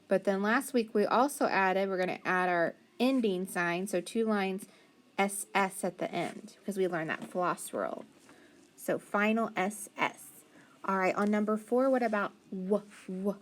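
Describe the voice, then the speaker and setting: Encouraging woman teaching phonics. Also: mid-range voice. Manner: patient, encouraging, sounds words out slowly. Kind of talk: phonics lesson for children.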